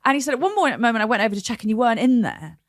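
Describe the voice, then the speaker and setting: A young adult woman, a comedian guest on a podcast, telling stories in a lively chat and acting out the people she quotes. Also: on the high side, very fast. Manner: animated storyteller acting out quotes with laughter.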